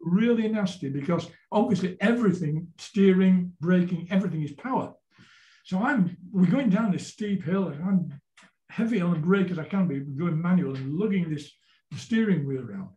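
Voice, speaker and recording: An older Yorkshire man in his seventies tells stories in a casual interview, with a mellow, dark tone pitched fairly high. He rambles and stumbles over repeated words as he gets to the point. His voice rings in an echoey room. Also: lively intonation, normal speed. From Yorkshire, England. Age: 70s. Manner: rambling, repeats words while telling anecdotes. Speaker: guest folk singer-songwriter.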